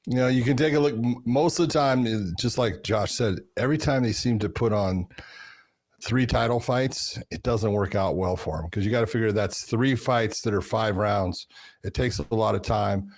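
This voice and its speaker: Low voice guy analyzing fights, dry close sound, steady and explaining. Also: no echo. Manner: measured, explanatory, repeats words when starting. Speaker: podcast co-host, fight analyst. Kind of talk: casual analysis chat.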